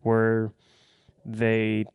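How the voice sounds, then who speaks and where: Blunt, foul-mouthed man with a smooth low voice. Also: completely flat delivery, drawn-out words, no room sound, phone-quality sound. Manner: blunt, profane, rambling with fillers. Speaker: movie reviewer. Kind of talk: casual spoken review.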